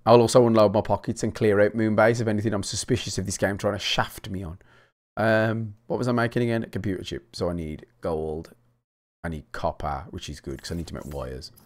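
A man's voice: lowish voice, fairly even intonation, a little fast, a little mellow. A man, chatting casually and swearing freely while commentating his own game playthrough. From England. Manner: sweary, chatty, jokey rants to viewers. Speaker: gaming YouTuber. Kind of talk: casual let's-play commentary.

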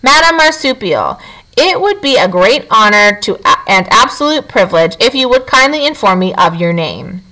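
Polite stiff robot lady, woman reading aloud, kinda high voice. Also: very animated, normal speed, bright, forceful tone, exaggerated voice, poor audio. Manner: stiff, overly formal. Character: formal stiff female robot.

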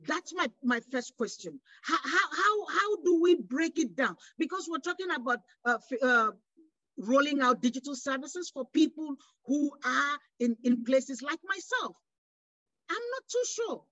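A high-voiced woman from West Africa argues on a panel with passion, firing off rhetorical questions and restarting her sentences. Her voice comes through a dull, lo-fi, dry recording. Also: expressive, moderate pace, pushed and bright, no room sound. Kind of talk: panel discussion.

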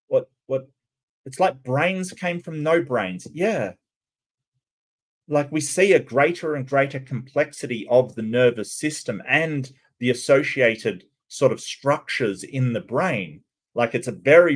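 Incredulous man hosting casual commentary. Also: medium pitch. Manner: incredulous, questioning, with frequent restarts. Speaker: commentary host.

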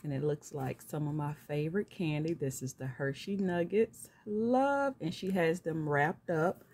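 Gushing woman with lively pitch. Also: a little slow. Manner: gushing and grateful, laughs often. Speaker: craft channel host opening gifts. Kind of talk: casual unboxing vlog. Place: at home, filming on a tripod. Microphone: camera on a tripod.

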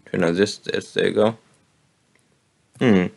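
Slow, gravelly-voiced gaming host. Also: male voice, deep voice. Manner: relaxed, thinking aloud while playing. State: slightly hoarse. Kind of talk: casual gameplay commentary.

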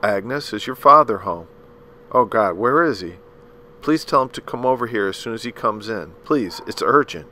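A man's voice: on the low side, expressive, moderate pace, sharp tone. A man reading aloud, voicing an anxious, proper middle-aged aunt who fusses protectively over a child. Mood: urgent. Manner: fussing and protective, calls the child darling.

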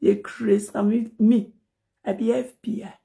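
This social media personality, an adult mother with a Nigerian accent, confronts critics in a fiery live rant captured on her phone, blending Pidgin with English. She speaks at a measured pace in a mellow, gravelly medium voice with fairly even intonation.

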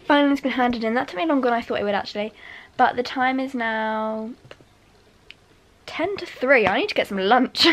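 A woman's voice: on the high side, animated, normal speed, faint music behind. A young woman, chatting casually while vlogging at home about her studies. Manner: chatty, rambling, lots of fillers. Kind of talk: casual study vlog chat. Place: at home indoors. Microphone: handheld then laptop camera.

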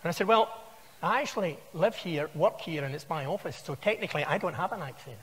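A man's voice: a little high, animated, quick pace, noisy background. A man in his sixties with a Scottish accent, giving a wry, anecdotal conference talk in a large hall. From Scotland. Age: 60s. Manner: wry, anecdotal, conversational storytelling. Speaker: conference speaker. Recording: long hall reverb.

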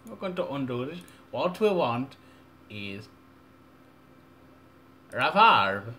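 Young man, mock tutorial, deadpan, rambling, faint background hiss. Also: mid-range voice, takes it slowly. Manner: rambling, absurd, mock-serious. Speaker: tutorial maker.

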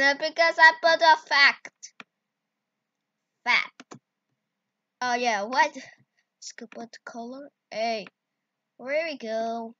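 A woman guides a casual video editing tutorial in halting, broken English. Her voice is high and bright, and she speaks very slowly, with sudden excited outbursts. The sound is close, dry and a little dull. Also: dry recording. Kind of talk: casual screen-recorded tutorial. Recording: dull lo-fi recording.

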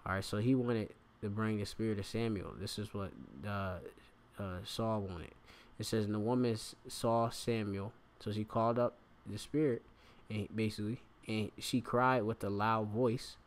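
A man with a lowish voice gives an informal scripture lesson, reading verses aloud and often pausing to explain words. As a Bible teacher he keeps a steady tone and moderate pace, though he uses many fillers.

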